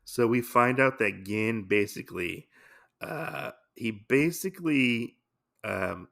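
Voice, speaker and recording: A man's voice: medium pitch, expressive, slow, gravelly, fairly bright tone. A man hosting a podcast, casually recapping a comic story in a rambling, amused way. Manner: rambling, many fillers and restarts, amused. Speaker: podcast host.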